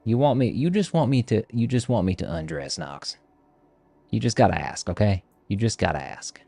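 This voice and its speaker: Deep low guy streaming games, texas accent on, dry sound, cussing and joking with chat. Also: lively intonation, normal speed, vocal fry, mellow, no echo, faint music behind. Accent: put-on Texas drawl. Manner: joking, profane banter with viewers. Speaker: live streamer. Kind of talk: casual livestream chat while gaming.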